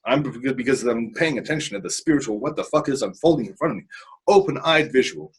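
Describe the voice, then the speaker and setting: Husky man telling a rambling story. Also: medium pitch, lively intonation, fast, rough recording. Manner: rambling with frequent restarts and casual swearing. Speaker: interview guest. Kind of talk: candid personal storytelling.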